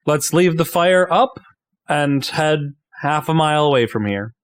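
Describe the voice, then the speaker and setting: A man playing a tabletop game, speaking directly and steering the group. His voice is somewhat high for a man. The sound is dry and close. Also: expressive, measured pace, clean tone, dry recording. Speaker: player.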